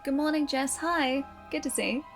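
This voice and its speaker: A woman's voice: sits high, moderate pace. A young woman streaming a game from home, chatting and laughing as she answers viewer chat. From Australia. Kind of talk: casual live-stream chat while playing. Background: game music clearly audible.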